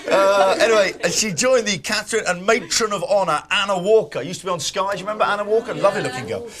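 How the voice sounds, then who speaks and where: A man's voice: sits high, fast, crowd noise. A man presenting a breakfast TV show, mocking the gossip pages in a chatty, jokey way and laughing through his lines. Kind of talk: jokey review of the newspapers.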